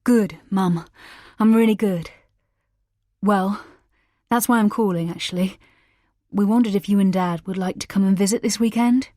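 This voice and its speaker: A woman's voice: medium pitch, normal speed, pauses often, warm tone, no echo, studio quality, lightly acted. Eager, placating young husband, as a woman reads him. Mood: nervous cheer. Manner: hopeful, pleading.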